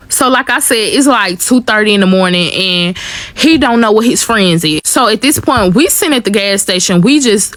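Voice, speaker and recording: A young woman telling a story casually and animatedly, often addressing the viewers as y'all. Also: medium pitch.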